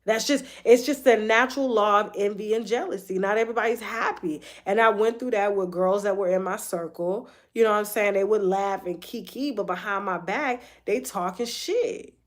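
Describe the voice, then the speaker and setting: A woman's voice: mid-range voice, moderate pace, hardly any pauses. A woman hosting a gossip show, talking candidly in a blunt, heavily profane way and repeating phrases for emphasis. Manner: repeats phrases and restarts often. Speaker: host of a celebrity gossip show. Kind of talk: candid personal monologue.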